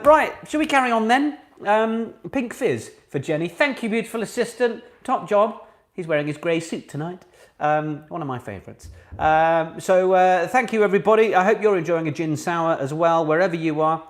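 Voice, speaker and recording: A man hosting an online pub quiz from home, chatty and playful, full of asides to his viewers. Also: a little high. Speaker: quiz host. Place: home flat.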